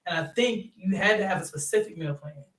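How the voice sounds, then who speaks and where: Young man telling animated coaching stories, roomy sound. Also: sits high, brisk, distant mic. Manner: animated storyteller, laughs often, many fillers. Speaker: youth basketball coach and third-grade teacher. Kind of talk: casual interview chat.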